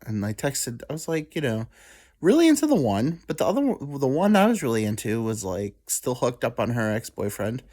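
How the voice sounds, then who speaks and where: Rambling man telling a lively story. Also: medium pitch. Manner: rambling, self-deprecating, quotes people in quick asides. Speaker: podcast host. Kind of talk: casual storytelling monologue.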